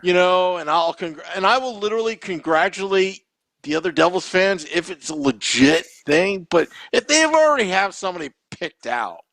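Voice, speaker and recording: A man co-hosting a podcast in casual, animated, self-mocking chat. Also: high-pitched, moderate pace, no room sound, studio quality. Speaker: podcast co-host.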